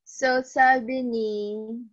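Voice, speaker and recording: A woman's voice: fairly high pitch, fairly even intonation, extremely slow. A woman teaching a live online class, chatting and reading out students' answers. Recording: lo-fi dull audio.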